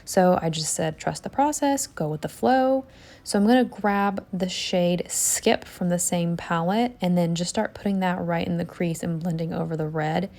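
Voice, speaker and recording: A woman narrating a makeup tutorial voiceover step by step in a relaxed way. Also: lowish voice, moderate pace, hardly any pauses. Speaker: beauty vlogger.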